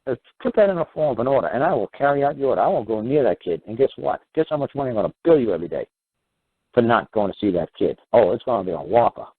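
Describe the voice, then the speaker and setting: A man's voice: medium pitch, sing-song, fast talker, slightly rough, no echo. A middle-aged man hosting a call-in show, giving blunt, rambling advice and swearing freely. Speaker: host. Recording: tinny phone-like audio.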